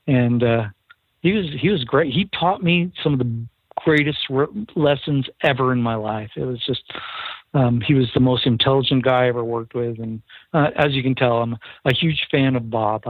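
At a moderate pace and medium pitch, a recording engineer recounts a studio story during an interview, earnestly performing the lines he quotes. The phone line sounds tinny and dry, with no room sound.

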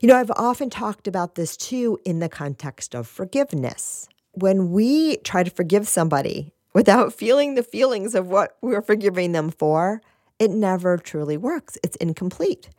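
A woman giving a gentle spiritual talk, repeating phrases and asking "right?", with a soft laugh now and then. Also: medium pitch, lively intonation, normal speed, dry recording, clean studio sound.

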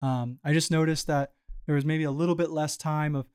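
Speaking a little fast in a slightly high, smooth voice, this man is a startup founder guesting on a business interview show. The talk is a casual storytelling conversation, loose and relaxed, full of fillers, restarts, and repeated "you know."

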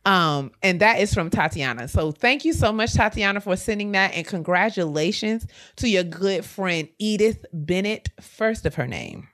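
A woman co-hosting a podcast, reading listener letters aloud with animated, affectionate banter. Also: medium pitch, normal speed, hardly any pauses. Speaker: podcast co-host.

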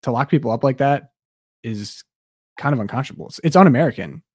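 A man's voice: mid-range voice, expressive, fast, a little mellow, slightly rough, no echo, clean studio sound. A man co-hosting a political talk show, talking earnestly with hesitant restarts.

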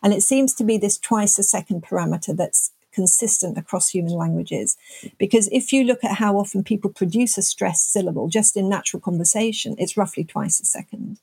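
A woman's voice: mid-range voice, brisk, creaky, warm tone, husky, dry recording. An older woman, a scientist guest, explaining her research thoughtfully in an interview. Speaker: neuroscientist guest.

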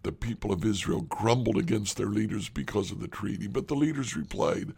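A man reads scripture aloud in a slow, measured delivery. His voice is low, heavily gravelly and husky, at times sinking to a breathy near-whisper. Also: animated, darkish tone. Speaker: scripture reader. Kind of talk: Bible reading.

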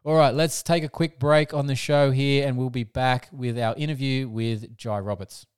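A man's voice: mid-range voice, steady tone, normal speed, smooth, dry recording, studio quality. An Australian man hosting a motorsport podcast, blunt and casual, laughing often and swearing freely. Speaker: podcast host.

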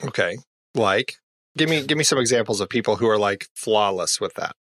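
A man's voice: fairly low pitch, animated, fairly quick, fairly bright tone. A married man co-hosting a casual movie podcast, asking rambling questions with many fillers. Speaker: podcast co-host.

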